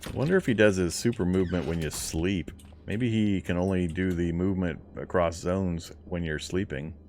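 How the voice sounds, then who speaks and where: A man's voice: deep voice, moderate pace, darkish tone, slight background noise. A man talking to himself while playing a game, chatty and laughing often as he comments. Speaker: gameplay commentator. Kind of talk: casual let's-play commentary.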